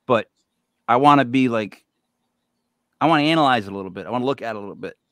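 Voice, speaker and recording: A man's voice: mid-range voice, fast, fairly bright tone, no room sound. A man from New England hosting a casual interview, rambling and chatty with many fillers and restarts. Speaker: show host.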